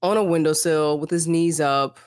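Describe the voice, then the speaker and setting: A young woman co-hosting a casual book-discussion podcast, talking in an animated way and acting out characters in playful voices. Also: low-pitched, moderate pace, no room sound, studio quality. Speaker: podcast co-host.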